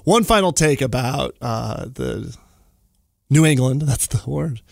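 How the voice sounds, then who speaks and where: Animated man ranting on his podcast. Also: slow, creaky, no echo, clean studio sound. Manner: animated, exaggerated jumps in pitch when ranting. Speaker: podcast host. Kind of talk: casual solo podcast monologue.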